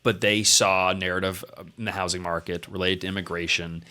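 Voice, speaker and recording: A man's voice: low voice, little pitch movement, fairly quick, pushed and bright. A man co-hosting a casual discussion, rambling and restarting his sentences often. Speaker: podcast co-host.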